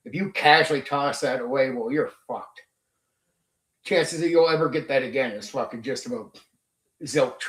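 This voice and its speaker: A man's voice: medium pitch, normal speed, fairly bright tone, echoey room. A man hosting a tabletop gaming stream, ranting bluntly and profanely at his chat. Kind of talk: livestream rant.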